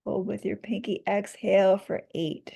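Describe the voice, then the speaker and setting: Female meditation teacher, gentle guiding delivery, mid-range voice with some vocal fry. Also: medium pitch, flat delivery, moderate pace. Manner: soft, gently guiding, laughs at herself. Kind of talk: guided meditation instruction.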